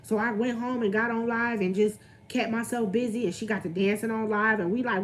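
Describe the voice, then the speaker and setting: A woman's voice: on the high side, steady tone, a little fast, few pauses, slight background noise. Candid young woman venting on a livestream. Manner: candid, talks straight to the camera and greets viewers. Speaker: vlogger on a livestream.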